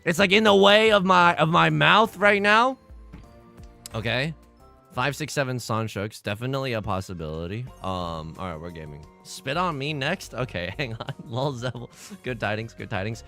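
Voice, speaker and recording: Streaming online mahjong, a young man chats and comments casually, excitable and self-mocking, laughing often and swinging from loud outbursts to mumbled asides. His medium-pitched voice is gravelly and moves at normal speed, with faint music playing behind.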